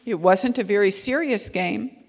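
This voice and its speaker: A woman's voice: medium pitch, moderate pace. Earnest woman lecturing in a reverberant hall. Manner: earnest, storytelling, with frequent ums and restarts. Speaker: child safety educator giving a talk. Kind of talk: conversational lecture to parents.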